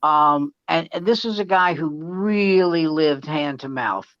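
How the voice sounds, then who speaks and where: Animated older male comic telling stories. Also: fairly high pitch, measured pace, no echo. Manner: animated anecdotes with acted-out quotes. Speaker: comedian. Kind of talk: casual storytelling chat. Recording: dull lo-fi sound.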